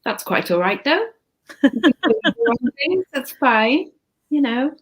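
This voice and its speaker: A woman's voice: high voice, very animated, extremely slow. A woman hosting a casual live stream, chatty and blunt, swearing freely. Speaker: channel host.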